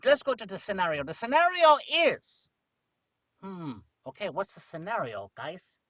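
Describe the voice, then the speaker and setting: A man's voice: high-pitched, huge pitch swings, sharp tone, dry recording, dull audio. A man hosting a podcast, rambling playfully through an improvised comic chat. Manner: playful, rambling, quick to joke. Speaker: podcast host.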